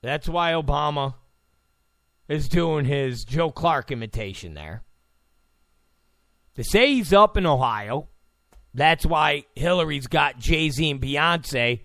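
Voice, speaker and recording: A man's voice: on the high side, animated, slow pace, long pauses, a bit bright, no room sound, clean studio sound. A man hosting a talk radio show in a rambling, mocking commentary style. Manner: rambling, mocking, chuckling asides. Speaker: radio host.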